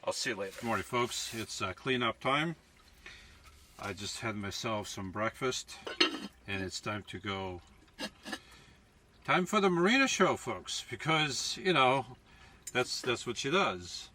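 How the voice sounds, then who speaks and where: A man's voice: medium pitch, very animated, measured pace, long pauses, pushed and bright, distant mic, slight background noise. A man chatting casually to his viewers as folks while cooking inside his camper van, often restarting and correcting himself. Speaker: van life vlogger. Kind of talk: casual cooking vlog talk.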